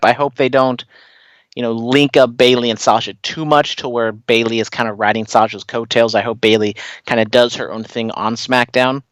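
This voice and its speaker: A man's voice: mid-range voice, fairly bright tone, smooth, no echo. A man co-hosting a casual wrestling podcast, rambling and hedging with filler words. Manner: rambling, many "you know" fillers and restarts. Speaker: podcast co-host.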